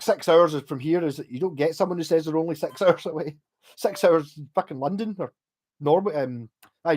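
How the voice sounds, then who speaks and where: Man, Scottish accent, fairly high pitch, rambling livestream chat, lots of restarts, faint background music. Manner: rambling and chatty, with frequent restarts and casual swearing. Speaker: livestreamer talking guitar repair.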